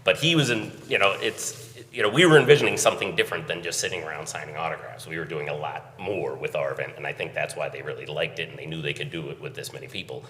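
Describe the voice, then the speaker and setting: Deep-voiced man telling a story in a hall. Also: quick pace, hardly any pauses, a bit bright, far from the mic, a little hiss or hum. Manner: conversational, recounting with chuckles. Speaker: event organizer. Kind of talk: conference talk storytelling. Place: conference hall. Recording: echoey hall, voice from afar.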